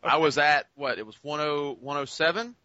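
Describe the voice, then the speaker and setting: A man, co-hosting in an animated, chatty way. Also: on the high side, moderate pace, no echo, dull audio. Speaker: co-host. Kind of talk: casual chat.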